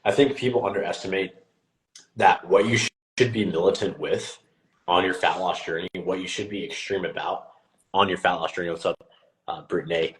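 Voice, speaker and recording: A man's voice: low-pitched, a little fast. A young man in his twenties, a fitness coach hosting a casual live stream, telling a story and acting out the voices of the people in it. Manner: animated, acts out quotes with a rising voice.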